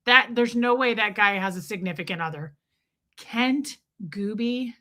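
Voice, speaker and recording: A woman's voice: medium pitch, a little fast, bright, forceful tone. A woman hosting a casual livestream, chatting playfully and reading viewers' names aloud. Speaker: livestream host. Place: countryside home.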